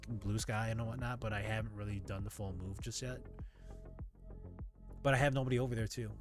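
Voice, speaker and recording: A man streaming live in casual chat, rambling and ranting with frequent swearing. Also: mid-range voice.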